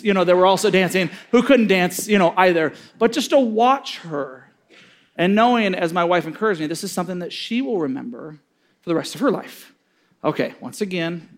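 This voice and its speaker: A middle-aged man giving a sermon-style talk on parenting, telling stories and acting out the voices in them. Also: sits high. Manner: storytelling, acting out quoted voices with big swings.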